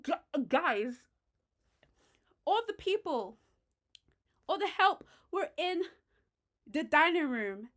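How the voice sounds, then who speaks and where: A British woman vlogger chatting casually and excitedly about a TV romance, gushing and getting loud at times. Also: sits high. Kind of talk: casual chat about a TV show.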